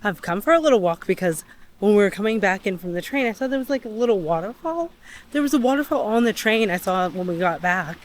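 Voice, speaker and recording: A young woman with a mid-range, animated voice narrates a casual travel vlog, talking fast as she walks around outdoors on a day trip. She's chatty and tends to ramble.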